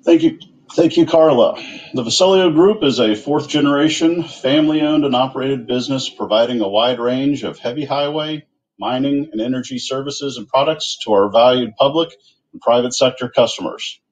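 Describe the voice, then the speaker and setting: A man executive reads formal prepared remarks in a steady voice to present an award category. The audio sounds dull and lo-fi. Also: mid-range voice, normal speed.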